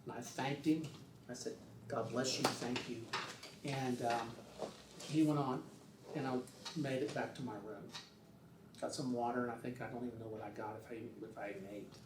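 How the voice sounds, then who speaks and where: A man's voice: medium pitch, steady tone, fairly quick, long pauses, background noise. An older man telling a rambling, casual story, slipping into other people's voices as he goes. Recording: roomy sound, distant from the mic.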